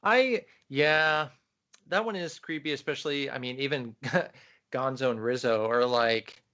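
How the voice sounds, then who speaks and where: A man's voice: medium pitch, a little slow, bright, forceful tone, dull audio. Chatty enthusiastic male podcast co-host. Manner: enthusiastic, chatty, many fillers. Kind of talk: casual film chat.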